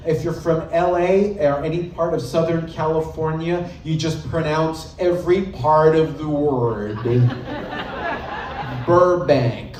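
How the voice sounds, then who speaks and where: A man's voice: a little high, a little mellow, recorded from a distance. Roomy live stand-up comedian, man. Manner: playful, slipping into mock accents. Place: live comedy club stage. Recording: roomy live club sound with music.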